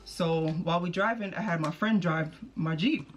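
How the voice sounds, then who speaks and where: A woman's voice: lowish voice, normal speed, highs cut off, slight background noise. Woman, casual storytime, chatty and slangy, acts out the quotes. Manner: chatty, slangy, animated retelling with quoted voices. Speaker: vlogger.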